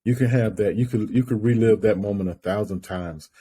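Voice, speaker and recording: A man's voice: lowish voice, a little fast, warm tone, a little hiss or hum. A man hosting a podcast interview, encouraging his guest with short affirmations. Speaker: podcast host. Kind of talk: interview, brief backchannel responses.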